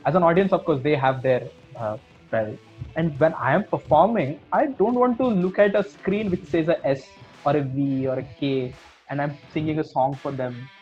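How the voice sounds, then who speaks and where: A man hosting a casual chat over a video call who speaks haltingly, searching for his words. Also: a little high, a little mellow, breathy edge, lo-fi sound, soft background music. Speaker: podcast host.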